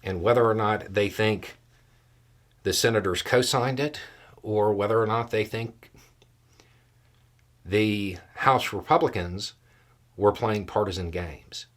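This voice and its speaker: A man giving political commentary in a measured, deliberate way, laying out scenarios step by step. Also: on the low side.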